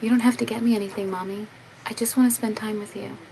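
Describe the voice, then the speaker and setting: A loving little boy of five speaks gently and sweetly, quoted by his mother in her own plain voice. The pitch stays in her ordinary middle range. Faint noise hums behind. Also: steady tone, quick pace, natural voice, poor audio. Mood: affectionate.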